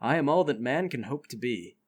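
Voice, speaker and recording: A man voicing a calm, grandiose nanomachine being that speaks in lofty declarations. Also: mid-range voice, a little fast, voice pushed down, lightly acted.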